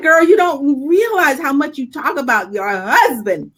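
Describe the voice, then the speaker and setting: A middle-aged woman co-hosting a talk show, chatting and telling a personal story with animated delivery and frequent laughter. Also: high-pitched, a little slow, few pauses. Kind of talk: casual chat and personal storytelling.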